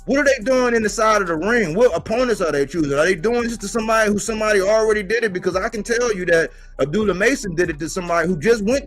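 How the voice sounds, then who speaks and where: A man's voice: sits high, fast talker, hardly any pauses, fairly bright tone, faint music behind. A man hosting a boxing talk show, arguing his points with emphatic rhetorical questions. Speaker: boxing podcast host. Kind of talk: casual boxing commentary.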